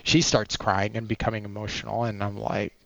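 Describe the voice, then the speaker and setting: A man's voice: lowish voice, little pitch movement, brisk, creaky, no echo. A man in his forties, a podcast guest telling a personal story in a rambling way, full of fillers and restarts. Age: 40s.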